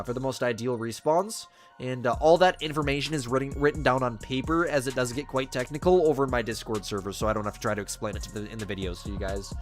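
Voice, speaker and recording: A man hosting a live game stream, casually chatting with viewers and reading their messages in a chummy, laid-back way. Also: mid-range voice. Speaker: livestream host.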